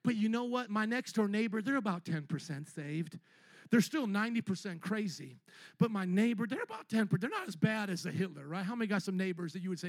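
A man preaching a lively sermon as pastor in a church, playfully acting out churchgoers and rising to shouts. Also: very high-pitched, fast, dry recording. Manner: animated preaching, acting out church members in put-on voices, shouting at peaks.

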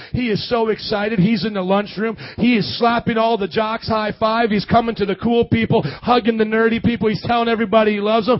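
A man from the American Midwest preaching a sermon as pastor, animated and calling on the congregation to answer back. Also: high-pitched, no room sound, highs cut off. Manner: animated, calls for congregation responses.

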